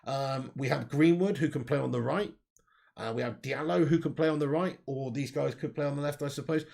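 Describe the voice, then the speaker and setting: A man's voice: medium pitch, a little fast, vocal fry, darkish tone. Sweary man hosting a livestream. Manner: blunt, sweary, chatty, reads the live chat. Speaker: football channel livestream host. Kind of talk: casual livestream chat.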